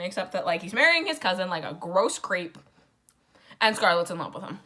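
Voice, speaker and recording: A woman's voice: lowish voice, lively intonation, brisk, pushed and bright. A drunk young woman rambling through a casual, profane book summary with sarcastic asides. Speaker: book vlogger.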